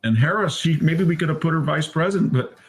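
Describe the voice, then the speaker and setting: Brief: male pundit, gravelly and husky, animated commentary with stammers. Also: fast. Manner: animated, mimics opponents in high voices, stammers. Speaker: political commentator. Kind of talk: opinionated commentary.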